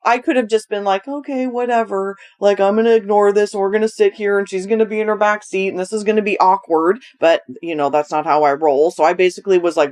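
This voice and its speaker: Blunt, candid woman podcast host. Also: mid-range voice. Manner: blunt, swears casually, animated asides. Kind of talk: candid conversational chat.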